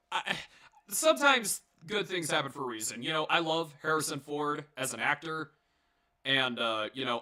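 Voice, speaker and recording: Young male reviewer, somewhat high, very bright tone; loose, profane, jokey delivery full of "uh"s. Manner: rambling, profane, jokey, many fillers and restarts. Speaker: movie reviewer. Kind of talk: casual solo review.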